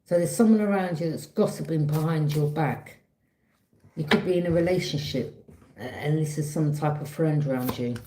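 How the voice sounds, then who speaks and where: A woman giving a casual, chatty tarot reading, often checking in with a quick "yeah?". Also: deep voice, dark tone, a little hiss or hum. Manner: chatty, repeats herself, frequent "yeah?" check-ins. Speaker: tarot reader. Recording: roomy echo.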